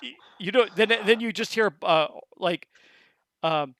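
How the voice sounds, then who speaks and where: A man with a high, bright voice runs a tabletop horror session as game master. He narrates in halting bursts, restarting often, and the sound is dry and close. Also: dry recording. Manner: halting, with many restarts and acted quotes.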